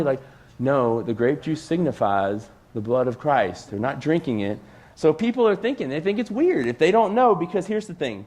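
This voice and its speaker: A man's voice: mid-range voice, lively intonation, brisk, darkish tone. A man preaching a casual youth sermon from a church stage, talking conversationally and filling his sentences with "like". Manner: conversational, peppered with "like". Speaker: youth pastor.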